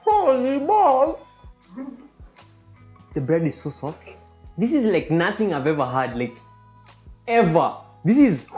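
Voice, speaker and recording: A goofy woman narrates her cooking vlog, her voice swinging high and low with big bursts of excitement. She clowns around as she talks through each step, with faint music behind her. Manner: goofy, exaggerated and enthusiastic, with sudden loud outbursts. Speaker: cooking vlogger.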